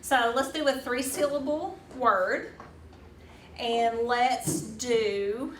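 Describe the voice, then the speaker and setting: A woman's voice: on the high side, extremely slow. A woman leading a hands-on teaching workshop, talking casually with fillers and restarts. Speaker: teacher trainer. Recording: roomy echo, distant mic, faint room noise.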